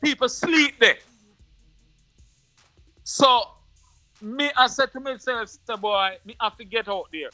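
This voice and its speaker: A man with a Jamaican accent, an interview guest who tells a personal story in patois in an animated way, often repeating his words. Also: very high-pitched, takes it slowly, long pauses, dry recording, faint music behind.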